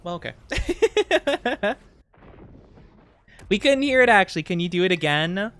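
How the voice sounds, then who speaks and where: A man's voice: sing-song, measured pace, fairly bright tone. Giggly, bouncy-voiced male streamer. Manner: playful, giggly and rambling, with sudden high squeaks. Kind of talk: casual live-stream chat while gaming.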